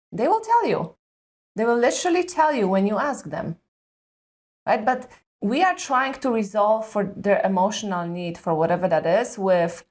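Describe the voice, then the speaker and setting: A woman's voice: medium pitch, very animated, moderate pace, darkish tone. A woman who is a mother and parenting coach, explaining patiently in conversation and often checking in with "correct?". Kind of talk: advice in conversation.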